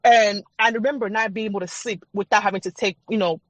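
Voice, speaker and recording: A woman's voice: mid-range voice, fairly even intonation, quick pace, a bit bright, no echo. A woman guest on a podcast, telling her personal faith testimony in an emphatic, repetitive, testifying way.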